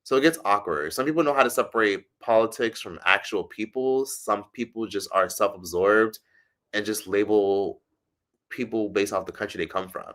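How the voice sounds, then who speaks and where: A man's voice: normal speed, a bit bright. A man with an American accent chatting casually on a livestream, reading comments from his chat and answering them in a chatty, profane way with frequent laughs. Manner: chatty, profane, laughs often, mimics others in high voices. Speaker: streamer reading live chat. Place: indoors in Algeria.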